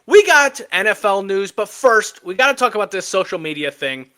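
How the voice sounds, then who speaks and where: A man co-hosting a casual sports podcast, animated and joking, with emphatic trash talk. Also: high-pitched, a little fast, clean tone. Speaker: podcast co-host.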